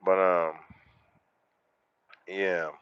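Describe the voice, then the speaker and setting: A man hosting a casual livestream, talking to viewers in a relaxed, slangy way. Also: deep voice, very slow, clean tone, dry recording, muffled recording. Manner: laid-back, slangy, talks straight to chat. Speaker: livestream host.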